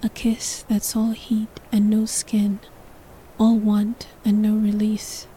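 A woman's voice: mid-range voice, monotone, slow, dark tone, a little hiss or hum, poor audio. A woman narrating a sensual story in the second person, in a whispered role-play.

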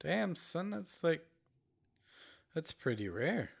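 A man's voice: on the high side, big pitch swings, takes it slowly, vocal fry, slightly rough. A young man cohosting a casual podcast chat, teasing, swearing freely and sighing between lines. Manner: crude, teasing, swears often, sighs. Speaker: podcast co-host.

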